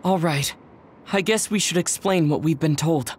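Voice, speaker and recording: A man voicing a calm, level-headed young male officer in a video game, speaking in a measured way. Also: fairly high pitch, slightly rough. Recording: game audio with faint music.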